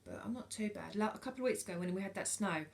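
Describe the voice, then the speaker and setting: Gravelly-voiced British woman in her forties. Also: mid-range voice, expressive, very fast. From United Kingdom. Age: 40s. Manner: hesitant, many ums and restarts; frank and earnest. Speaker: vlogger. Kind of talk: casual talk to camera.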